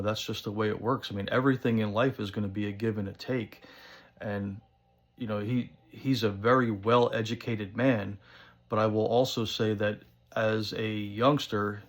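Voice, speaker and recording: A man with a thick New Jersey accent talks in a loose, rambling monologue. He keeps slipping in "you know" and "um". His voice sits a little low and has a gravelly crackle. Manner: rambling, conversational, many fillers. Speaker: pipe-smoking channel host. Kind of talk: casual monologue to camera.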